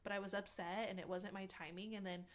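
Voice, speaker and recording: A young woman talks through a personal story as an interview guest, with a medium pitch. She fills her speech with "like" and slips into quick acted-out bits of what others said. Her tone is chatty and conversational. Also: flat delivery. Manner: chatty, many "like" fillers, acts out quotes. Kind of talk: casual storytelling.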